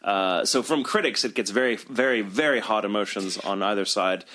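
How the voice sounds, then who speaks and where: Male podcast co-host, lowish voice, reflective, halting casual chat. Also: bright, forceful tone. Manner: thoughtful, many restarts and fillers.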